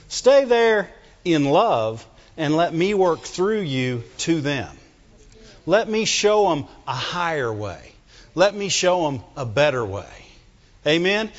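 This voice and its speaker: A middle-aged man preaches a sermon in an animated, joking way, his fairly high voice rising and falling widely as he calls for amens. He talks slowly, and his voice carries a long church-hall reverb on a dull, muffled recording. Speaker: pastor.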